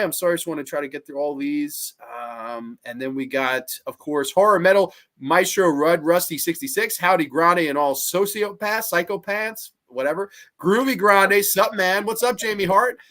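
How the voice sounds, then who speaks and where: A young man in his twenties hosts a casual live horror chat, greeting viewers and joking. His voice is bright and punchy, sitting a little above the usual male pitch. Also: normal speed. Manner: chatty, joking, reads chat greetings aloud. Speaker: podcast host.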